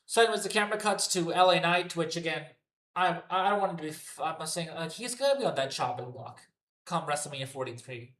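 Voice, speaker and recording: Male reviewer, slightly high voice, profane fed-up ranter, echoey room. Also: lively intonation, fast, a bit bright. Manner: profane, exasperated ranting. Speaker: wrestling show reviewer. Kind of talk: unscripted solo rant review.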